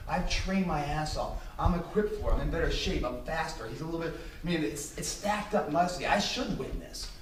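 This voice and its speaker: A man's voice: fairly high pitch, slight background noise. A man giving an emphatic, intense motivational speech to business students, swearing freely. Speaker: motivational speaker. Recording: echoey hall, distant mic, faint ambience.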